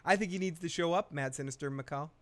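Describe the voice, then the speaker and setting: A man's voice: on the high side, quick pace. A man hosts a live recap show in a loose, rambling way, cracking crude jokes as he retells each scene. His voice sits a little above the usual for a man. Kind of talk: casual live recap commentary.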